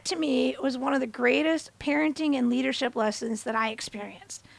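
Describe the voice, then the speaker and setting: A woman hosting a motivational talk, telling a story in a lively, conversational way and often asking listeners "right?". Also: high voice, gravelly, dry recording. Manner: animated, acts out her own and others' words in bigger voices. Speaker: host. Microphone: camera.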